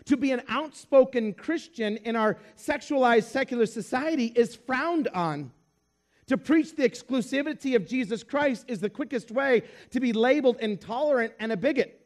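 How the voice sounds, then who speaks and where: A man's voice: very high voice, moderate pace. A man preaching a sermon, telling a story with acted-out dialogue. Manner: animated storyteller acting out dialogue.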